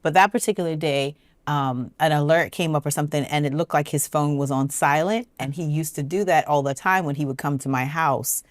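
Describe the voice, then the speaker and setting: A woman speaks candidly about her relationship on a talk show. Her voice sits a little low, and the sound is dry and close. She acts out both sides of old conversations as she tells it. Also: brisk, few pauses, dry recording. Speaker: guest. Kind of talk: candid personal storytelling. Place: television studio.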